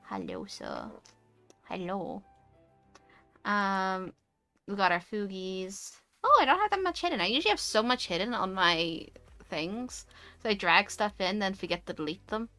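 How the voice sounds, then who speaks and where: A young woman with a posh English accent, chatting casually on a stream and ranting with animated energy. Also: medium pitch, moderate pace, no echo, faint music behind. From United Kingdom. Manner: animated, ranty. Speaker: VTuber streamer. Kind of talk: casual chat.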